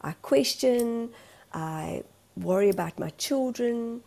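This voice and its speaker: A woman's voice: on the high side, lively intonation, slow pace, vocal fry, warm tone. A woman in a candid vlog monologue, speaking as a life coach in an earnest, emotional, rambling way.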